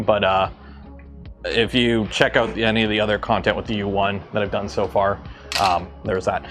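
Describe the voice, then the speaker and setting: A man streaming live from his workshop, chatting casually and thinking aloud as he builds a 3D printer. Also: fairly high pitch. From Canada.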